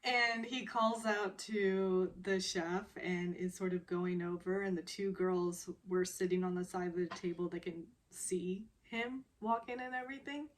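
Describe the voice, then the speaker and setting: A woman's voice: medium pitch, steady tone, unhurried, few pauses. A woman casually recapping a television drama episode, rambling with many fillers and often breaking into laughter.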